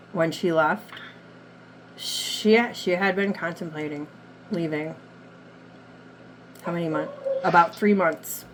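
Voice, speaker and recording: A woman's voice: lowish voice, a little hiss or hum. A woman working as a medium, passing on messages from the dead during a reading, with a lot of hedging and "like". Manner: relays messages, hedging with many likes. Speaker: psychic medium. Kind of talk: spirit reading session.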